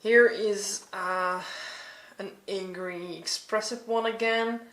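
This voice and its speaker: A woman giving a reflective commentary as she flips through her art journal, soft-spoken and hesitant, with many ums and restarts. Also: medium pitch, steady tone, slow pace, reverberant.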